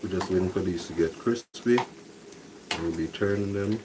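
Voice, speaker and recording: A very deep-voiced man hosting a cooking stream from his home kitchen. He talks softly and chats easily with his viewers. Sizzling and boiling pans are plainly heard behind him. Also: normal speed, background noise. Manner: talks softly, relaxed and chatty. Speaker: cooking channel host. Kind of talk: soft-spoken live cooking stream chat.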